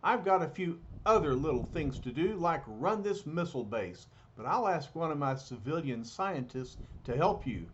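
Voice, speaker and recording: A man's voice: fairly high pitch, sing-song, moderate pace, hardly any pauses, a bit bright, slight background noise. A man voicing a grumpy army general who barks his orders, on a dull lo-fi recording. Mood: gruff. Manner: barking, gruff.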